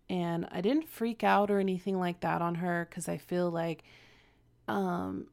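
A woman co-hosting a podcast and talking as a mother, calm, candid and reflective in casual chat. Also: on the low side, gravelly.

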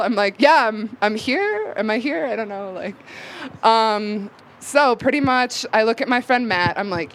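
A woman's voice: medium pitch, animated, normal speed, a little hiss or hum. A young woman telling a personal story live on stage, casual and rambling with many fillers. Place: live event venue.

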